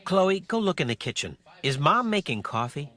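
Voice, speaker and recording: A man's voice: a little high, very animated, normal speed, a bit bright. An actor playing a friendly, cheerful father in a scripted family dialogue.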